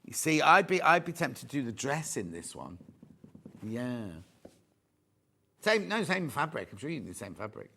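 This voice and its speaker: A man's voice: medium pitch, sing-song, normal speed, gravelly, long pauses, pushed and bright, slightly rough. An English man presenting a live shopping show, chatting jokily, reading out viewer messages and showing fabrics. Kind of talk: live home shopping chat. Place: TV studio.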